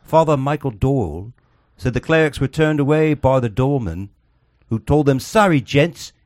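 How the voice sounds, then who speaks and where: A man's voice: medium pitch, lively intonation, normal speed, darkish tone, no room sound. Male podcast host, loose comic delivery, dry studio sound. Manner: joking, rambling, reads news aloud. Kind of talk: casual comedy podcast chat.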